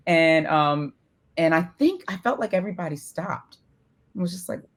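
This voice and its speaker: Low-voiced woman telling a personal story. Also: expressive, moderate pace. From Syracuse, New York. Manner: laughs often, says "right?" a lot. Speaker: podcast co-host. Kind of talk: casual chat.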